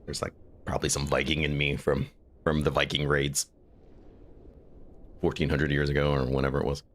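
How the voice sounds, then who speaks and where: A man's voice: a bass voice, completely flat delivery, moderate pace, long pauses, fairly bright tone, slight background noise. A man streaming a video game, chatting casually with viewers and rambling aloud between remarks on the game. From United States. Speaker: gaming streamer. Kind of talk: casual gameplay chat with viewers.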